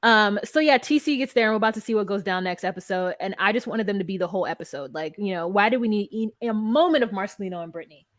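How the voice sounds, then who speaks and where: A woman's voice: mid-range voice, quick pace, hardly any pauses, no echo, studio quality. A woman co-hosting a podcast, giving blunt, profane opinions and acting out what others said in a casual recap chat. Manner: blunt, profane, animated retelling. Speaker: podcast co-host.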